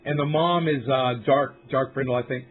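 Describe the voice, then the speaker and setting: A man's voice: medium pitch, steady tone, normal speed, husky. A man hosting a casual livestream from home, rambling in a laid-back way and swearing freely. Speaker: livestream host. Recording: tinny phone-like audio.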